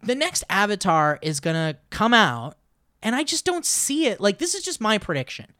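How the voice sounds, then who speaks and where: A man's voice: high voice, normal speed, clean tone, no echo. Guy on a comedy podcast, voice jumps all over, dry close sound. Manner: animated storyteller, swoops up and down. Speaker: podcast co-host. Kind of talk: casual comedy chat.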